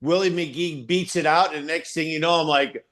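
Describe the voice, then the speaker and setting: An older former pitcher retells a game pitch by pitch in a slightly high, plain-spoken voice. He talks casually and swears now and then. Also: normal speed, fairly bright tone. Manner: plain-spoken, swearing, recalls events step by step. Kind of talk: casual storytelling.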